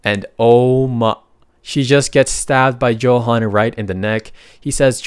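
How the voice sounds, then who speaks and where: A man casually recapping a comic story, reading out characters' lines and reacting with excited slang. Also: medium pitch, measured pace, smooth, no echo, studio quality. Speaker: recap narrator.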